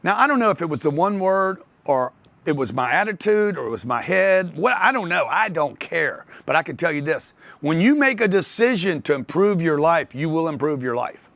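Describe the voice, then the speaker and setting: Animated older man telling stories. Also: a little high, normal speed, gravelly, dry recording. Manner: animated storytelling, acts out others' voices. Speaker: speaker on sales and wealth. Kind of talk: motivational talk to an audience.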